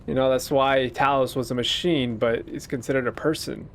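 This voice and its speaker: A man's voice: mid-range voice, steady tone, moderate pace, a little hiss or hum. A man casually commentating a video game playthrough, musing and joking at himself. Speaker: gaming YouTuber. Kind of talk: let's play commentary.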